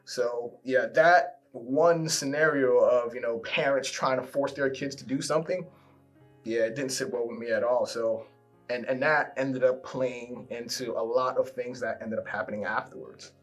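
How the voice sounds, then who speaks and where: A man's voice: mid-range voice, normal speed, soft background music. Candid man telling his story. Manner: candid, repeats words when he gets animated. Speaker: guest sharing a love story. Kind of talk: casual personal storytelling.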